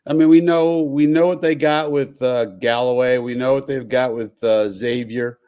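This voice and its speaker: A man's voice: medium pitch, steady tone, normal speed, dark tone, clean tone, highs cut off. An older man, a sports writer and radio guest, talking casually while coming down with a cold.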